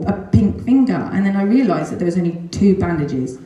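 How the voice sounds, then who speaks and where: A woman's voice: medium pitch, a little fast. Earnest mother in an echoey room. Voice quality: earnest, animated, with frequent ums and nervous laughs. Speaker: mother giving a testimonial. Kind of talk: emotional personal storytelling talk. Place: large echoey room at a talk event.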